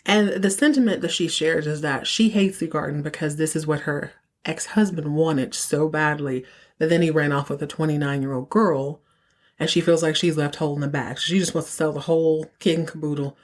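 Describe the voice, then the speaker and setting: A woman with a lowish voice recapping a TV episode on her podcast. She tells it in an animated, gossipy, conversational manner. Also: a little fast. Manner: animated, chatty storytelling. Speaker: podcast host.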